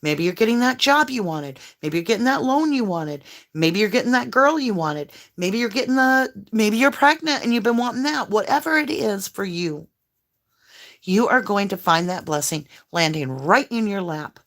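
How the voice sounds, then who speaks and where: A woman doing a casual tarot reading, talking straight to her viewers in an easygoing, rambling way. She jumps between thoughts and leans into warm, spiritual reassurance as she explains the cards. Her voice sits at an ordinary, middle pitch. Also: expressive, normal speed. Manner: chatty, scattered, spiritual, reassuring. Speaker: tarot reader.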